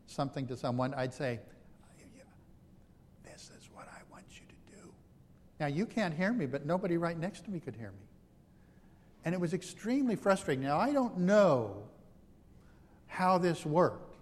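A man delivering a sermon in a relaxed, conversational way, with personal stories and humor at his own expense. His voice sits fairly high for a man. A long reverb from a large hall hangs behind his words. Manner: conversational, self-deprecating storytelling. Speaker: preacher.

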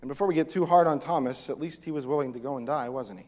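A man preaching a sermon as pastor, animated, acting out voices from the text. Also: mid-range voice, fast. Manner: animated, acts out the disciples' lines. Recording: long reverb of a hall.

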